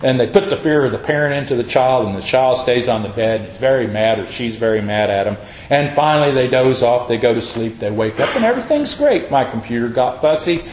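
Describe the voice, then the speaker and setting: A man delivers a folksy, conversational sermon full of homey stories, voicing the characters as he goes. His medium-pitched voice is expressive, slightly mellow, and fairly quick with few pauses, and the roomy, dull lo-fi recording carries a little hiss or hum.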